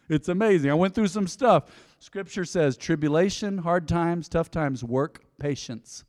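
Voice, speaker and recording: Animated preacher in a reverberant hall. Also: male voice, fairly high pitch, unhurried. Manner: animated, swings between loud emphasis and quiet intensity; folksy, addresses the congregation directly. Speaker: pastor. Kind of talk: sermon.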